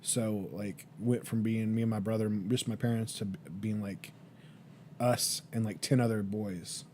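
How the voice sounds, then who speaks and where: A man's voice: on the low side, fairly even intonation, moderate pace, darkish tone, a little hiss or hum. Rambling young man telling stories. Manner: rambling storyteller, many fillers and restarts. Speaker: podcast co-host. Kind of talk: casual chat.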